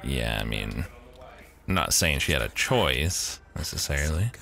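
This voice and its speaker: A man's voice: rumbling low, animated, a little slow, creaky, sharp tone. A man streaming a game live, giving casual, joking commentary and laughing often. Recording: game music playing behind the voice.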